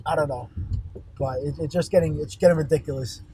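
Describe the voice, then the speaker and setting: A young man working in fast food, telling an exasperated, rambling and profane story about a customer while driving on a highway. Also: steady tone, mellow, husky, low-quality recording. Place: car on a highway. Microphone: phone. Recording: faint road noise in a car. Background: vehicle noise.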